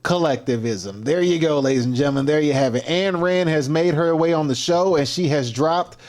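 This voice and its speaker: A man's voice: fairly high pitch, a little fast, a little mellow. A man hosts a casual livestream and talks in loose slang. He laughs often and repeats his phrases as he rambles through his points. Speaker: livestream host.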